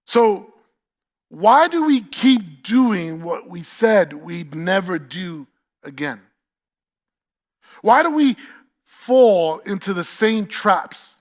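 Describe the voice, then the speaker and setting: A man's voice: high-pitched, expressive, extremely slow. A man with a New York accent preaching a sermon as pastor, emphatic, repeating key phrases and asking the congregation questions.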